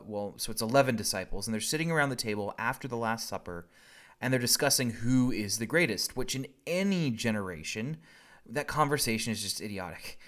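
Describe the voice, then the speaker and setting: A man's voice: fairly low pitch, fairly bright tone. Brief: male pastor, blunt and wry, preaching in a casual, conversational way. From Southern US. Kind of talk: recorded sermon.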